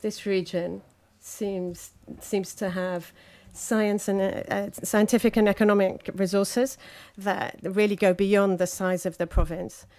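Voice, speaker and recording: A woman interpreting speeches live at a conference, halting often with fillers between phrases. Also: medium pitch, flat delivery, darkish tone.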